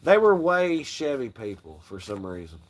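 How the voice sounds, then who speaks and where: A man's voice: medium pitch, sing-song, moderate pace. Rambling, foul-mouthed man. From Southern United States. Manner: crude, rambling storytelling with frequent laughs. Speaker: livestream host. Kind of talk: casual chat.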